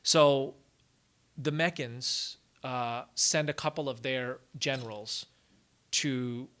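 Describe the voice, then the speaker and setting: A man from the United States giving a public lecture at a college, telling a story in a casual, animated way with frequent "like" asides. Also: mid-range voice, slow pace. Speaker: guest lecturer.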